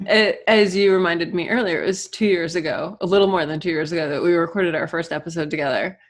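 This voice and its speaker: A woman's voice: fairly low pitch, fast. Effusive woman hosting a podcast. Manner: enthusiastic and affectionate. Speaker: podcast host. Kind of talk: warm, effusive podcast chat. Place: home in Florida. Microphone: remote call recording.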